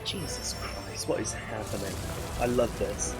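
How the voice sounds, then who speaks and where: A young man streaming a game, chatting casually with viewers, excitable and swearing freely. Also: lowish voice, unhurried. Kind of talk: casual live-stream chat while gaming. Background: game music.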